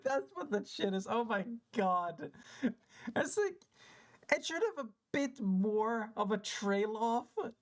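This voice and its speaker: A woman's voice: on the high side, animated, takes it slowly. A woman streamer giving casual game commentary, joking, swearing and laughing often.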